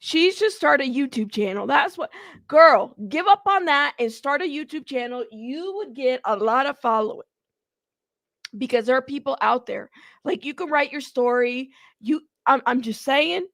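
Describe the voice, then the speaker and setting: Chatty woman reacting to clips, a bit high, kinda gravelly, laughs a lot. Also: moderate pace, dry recording, studio quality. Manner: chatty, animated, talks straight to viewers; laughs often. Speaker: host of a commentary channel. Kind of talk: casual reaction commentary.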